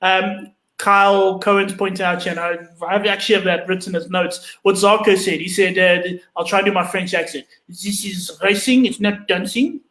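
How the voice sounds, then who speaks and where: A man's voice: high-pitched, little pitch movement, moderate pace, few pauses, sharp tone, echoey room, low-quality recording. A man co-hosting a casual motorsport chat from home over a video call, loose and hesitant with wry asides. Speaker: co-host. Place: home room.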